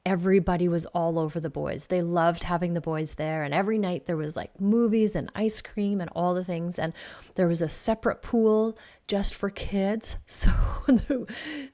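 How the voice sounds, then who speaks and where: A middle-aged woman, a podcast host and life coach, telling a personal family story in a chatty way, laughing often and dropping to a soft whisper at tender points. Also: fairly low pitch, fairly even intonation, moderate pace.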